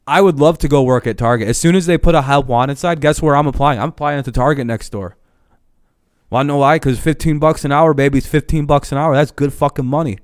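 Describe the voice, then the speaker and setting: A man's voice: on the high side, fast, clear, resonant tone, no room sound, clean studio sound. Profane ranting young male streamer. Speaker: live streamer. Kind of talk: casual live stream rant.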